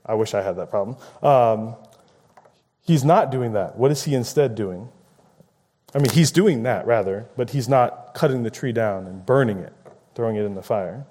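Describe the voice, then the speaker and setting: Man, preacher, conversational sermon, dark mellow tone, acts out quotes. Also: mid-range voice, animated, moderate pace.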